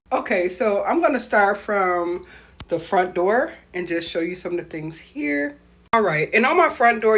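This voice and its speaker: Chatty middle-aged woman giving a home tour. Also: on the low side. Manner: chatty, many ums, addresses viewers as y'all. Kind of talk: casual home tour vlog. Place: small apartment indoors. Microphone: handheld phone camera.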